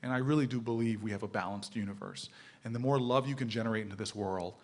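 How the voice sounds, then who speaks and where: A man telling a story to an audience at a panel event, acting out shouted lines. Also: lowish voice, quick pace. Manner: animated, acts out shouting quotes. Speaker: panel speaker. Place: lecture hall with audience.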